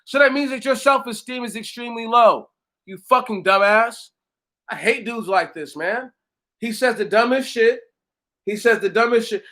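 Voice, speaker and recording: A man ranting casually and profanely, mocking someone, often breaking into loud laughter and shouts while a little tipsy. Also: very high voice, normal speed. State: tipsy from drinking. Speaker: commentator reacting to a commenter. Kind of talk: casual reaction rant.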